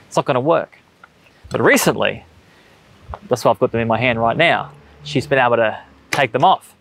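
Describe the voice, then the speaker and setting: On a church stage, a thirty-something Australian man delivers a sermon as pastor, earnest and conversational, weaving in stories from daily life. His medium-pitched voice carries some vocal fry.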